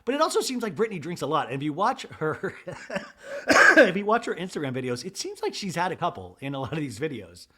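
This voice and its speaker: Man, podcast host, comedic recap, lively up-and-down pitch, slightly high voice. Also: brisk, breathy edge. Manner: animated, switches into voices of the cast. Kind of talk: comedic recap with quick impressions.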